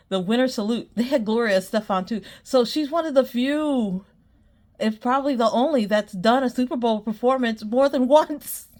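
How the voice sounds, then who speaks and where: A woman's voice: a little high, a little mellow. A woman hosting her own podcast, chatting casually and rambling, often breaking into giggles. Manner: rambling, many fillers. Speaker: podcast host. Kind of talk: casual solo chat.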